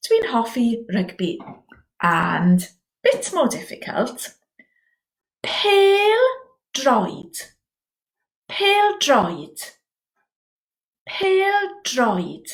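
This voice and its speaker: A woman teaching a beginner language lesson, slow and clear with lively encouragement. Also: a little high. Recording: echoey room.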